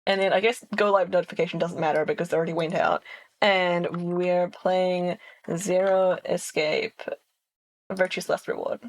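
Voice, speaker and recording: A woman's voice: fairly low pitch, fairly even intonation, moderate pace. A woman streamer chatting casually with her viewers, playful and giggling often between phrases. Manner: playful, chatty, reads chat aloud.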